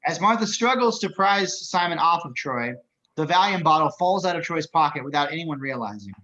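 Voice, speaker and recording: A man reading stage directions as narrator, brisk and matter-of-fact. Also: on the high side, animated, bright, forceful tone, highs cut off, a little hiss or hum.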